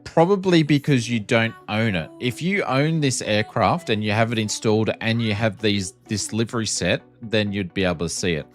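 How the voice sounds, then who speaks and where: A man's voice: lowish voice, moderate pace, hardly any pauses, soft background music. A man with an Australian accent chatting casually and joking with viewers on a flight sim live stream. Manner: chatty, joking, lots of ums.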